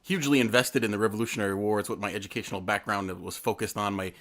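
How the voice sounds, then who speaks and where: A man's voice: on the low side, steady tone, fairly bright tone. A man co-hosting a casual podcast, telling history stories with a joking, teasing delivery. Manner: quick, joking storyteller who presents history with a teasing hook. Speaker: podcast co-host.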